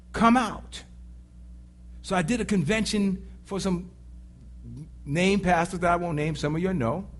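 A man preaches with a high voice that swings widely and keeps climbing. He delivers the sermon dramatically, breaking into shouts and acting out voices as he goes.

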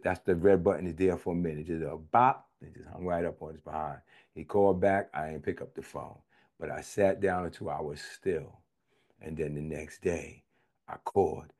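A man with a fairly low voice preaches a sermon. His delivery is conversational and vernacular, with repeated phrases. He swings between loud, high exclamations and quiet, confiding lows. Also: steady tone, moderate pace.

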